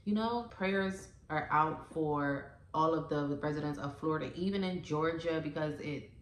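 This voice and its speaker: A woman's voice: sits low, normal speed, reverberant, slight background noise. A woman vlogger, a mother in her thirties, chatting earnestly and emotionally to her viewers, saying "y'all" often. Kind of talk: casual vlog chat.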